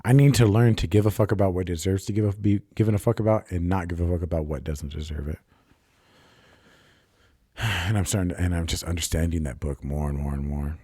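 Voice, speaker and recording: Low, dark-voiced young man rambling. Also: a little fast, breathy edge, no echo, studio quality. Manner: rambling, profane, confessional storytelling. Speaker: podcast host. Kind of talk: casual solo podcast monologue.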